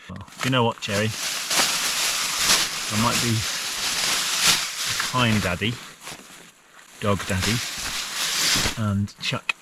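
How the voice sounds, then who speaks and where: A man talks casually from inside a small tent, often slipping into a fond, sing-song voice for his dog. He sits a little back from the mic, and steady outdoor noise runs clearly under his voice. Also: lowish voice, recorded from a distance. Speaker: vlogger. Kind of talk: casual camping vlog. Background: rain and outdoor noise.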